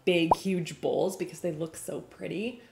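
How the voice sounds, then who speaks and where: A woman's voice: lowish voice, fairly even intonation, a little slow, vocal fry, background noise. A young woman chatting casually through a cooking vlog in her home kitchen, bubbly and giggly. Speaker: cooking vlogger. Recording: echoey kitchen room.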